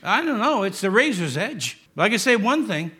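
A man's voice: high-pitched, very animated, normal speed, sharp tone, breathy edge. A middle-aged man with a New York accent, a pastor preaching a sermon in a joking, conversational way with asides.

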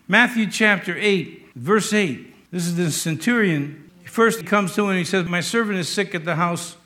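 An older man preaching a sermon as pastor, emphatic, moving between loud raised lines and quiet asides. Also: high voice, normal speed.

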